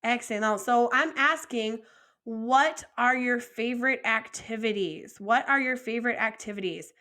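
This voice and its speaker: Friendly higher-voiced woman teacher. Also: bright, forceful tone. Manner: slow, clear modeling of phrases for repetition; encouraging, friendly teacher talk. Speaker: French teacher. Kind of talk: recorded classroom lesson.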